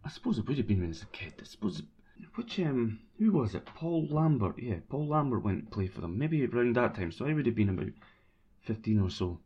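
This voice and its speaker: A man's voice: medium pitch, very animated, brisk, dark tone, husky. A man chatting casually about football, rambling and self-mocking as he answers listeners. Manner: rambling, self-mocking, bursts into sung chants. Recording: dull lo-fi recording.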